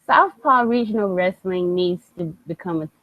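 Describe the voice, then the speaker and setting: A young woman co-hosting a casual podcast chat, animated, laughing often and swearing freely. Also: on the low side, moderate pace, dry recording, highs cut off. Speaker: podcast co-host.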